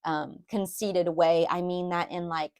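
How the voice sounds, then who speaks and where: A woman's voice: lowish voice, steady tone, a little slow, darkish tone, clean tone. A woman giving a casual spoken tarot reading, rambling and confiding, with many fillers and restarts, openly emotional as she talks about her own feelings. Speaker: tarot reader.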